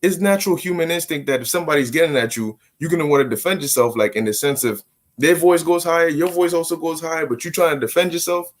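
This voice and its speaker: A man teaching a casual bible study, slangy and animated, often repeating words as he restarts. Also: fairly high pitch, fast talker. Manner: slangy, stammering repetitions, animated. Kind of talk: casual scripture commentary.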